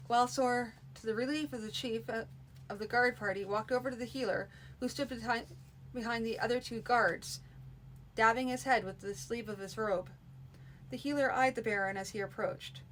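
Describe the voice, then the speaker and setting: Brief: female storybook reader, steady, informal live-stream reading. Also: fairly high pitch, normal speed, slight background noise, rough recording. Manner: steady reading with frequent restarts. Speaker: narrator.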